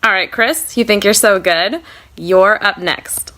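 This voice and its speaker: A playful American woman with a bright, forceful voice leads a light game segment on a casual podcast. She teases the others and laughs easily as she talks. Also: medium pitch, unhurried. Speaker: co-host running a game segment.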